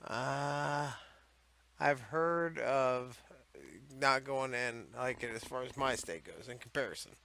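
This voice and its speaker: Sarcastic man riffing bright and loose. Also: mid-range voice, slow pace, vocal fry. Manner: sarcastic, profane, rambling. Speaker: host of a comedy series on odd laws. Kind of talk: casual comedic commentary.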